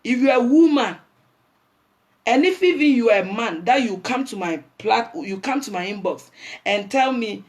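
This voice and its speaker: A woman's voice: fairly high pitch, animated, normal speed. A woman with a Ghanaian accent, hosting a livestream and delivering a blunt, preachy rant that scolds her viewers. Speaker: livestream host.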